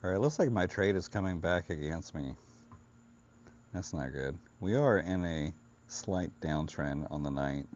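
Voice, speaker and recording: Casual streamer: a low-voiced man with a Southern California accent, a bit tipsy, laid-back and chatty, on a dull, lo-fi mic. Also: animated, unhurried, darkish tone, slight background noise. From Florida, US. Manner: loose, joking, chatty with viewers, laughs often. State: a few beers in, slightly tipsy. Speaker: live-stream futures trader. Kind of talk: casual live-stream chat.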